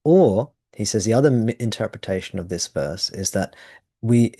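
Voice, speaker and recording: A man's voice: on the low side, expressive, moderate pace, dark tone, no echo, studio quality. A man teaching at a satsang, explaining ideas thoughtfully and often restarting his phrases. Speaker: spiritual teacher. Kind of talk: satsang talk.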